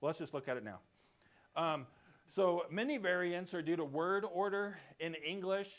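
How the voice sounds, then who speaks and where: Man, Bible class teacher, slightly high voice, casual explainer who keeps checking the class follows. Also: normal speed. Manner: explains step by step, often checks in with "right?". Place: church classroom.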